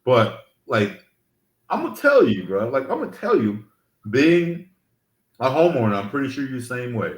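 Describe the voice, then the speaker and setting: A man from Mississippi co-hosts a casual podcast, telling a story with animated energy and plenty of cursing. His voice sits at a middling pitch but leaps around expressively. The room around him rings with a noticeable echo. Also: normal speed. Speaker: podcast co-host. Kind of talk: casual chat. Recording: roomy echo.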